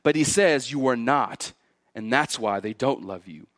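A man preaching an expository sermon in an earnest voice, stacking repeated phrases as he builds each point and dropping low and quiet for his warnings. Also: lively intonation, a little slow. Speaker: pastor.

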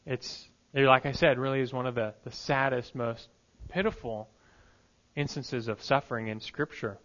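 A male pastor preaching a sermon, emphatic, moving between hushed lines and loud peaks. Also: mid-range voice, fairly even intonation, moderate pace, highs cut off.

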